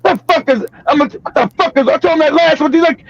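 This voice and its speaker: An older man from California, hosting a live stream and telling a story loudly with profanity, laughter and bursts of shouting. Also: very high voice, quick pace, gravelly, no room sound. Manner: loud, profane, laughing, often breaks into shouting. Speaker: livestream show host. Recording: dull lo-fi stream audio.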